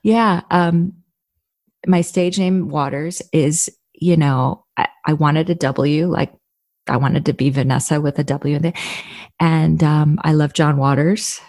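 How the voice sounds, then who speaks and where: Woman, actress guest, from New Jersey, gravelly, low voice, storytelling, laughs easily. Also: fairly even intonation, a little slow, a little mellow, dry recording, clean studio sound. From North New Jersey. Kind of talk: casual conversational interview.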